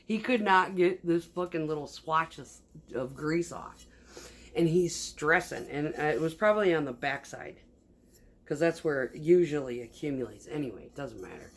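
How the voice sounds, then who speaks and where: Low-voiced rambling, profane woman. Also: expressive, moderate pace. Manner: rambling and profane, laughs often. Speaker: vlogger. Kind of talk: casual chat while sewing. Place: home kitchen.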